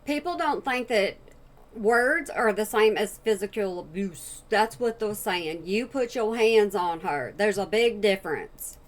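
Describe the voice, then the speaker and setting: A woman's voice: medium pitch, lively intonation, measured pace. A woman giving blunt, opinionated casual commentary as a reaction channel host.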